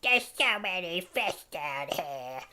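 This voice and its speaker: A man doing a tiny baby girl's voice, high and squeaky, gushing with breathless delight and swooping all over the place. It's a playful put-on voice, spoken close into a desk microphone. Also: very animated, slow, pushed and bright, heavily acted. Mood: thrilled. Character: excited infant girl, squealing and gushing. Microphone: studio microphone.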